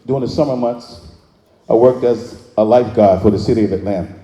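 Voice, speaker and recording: Brief: male speaker, very mellow dark tone, preacher-like call-and-response, big echoey hall. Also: medium pitch. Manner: preacherly call-and-response, drawling Southern phrasing. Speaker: motivational speaker. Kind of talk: live inspirational speech to an audience. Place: large hall with audience.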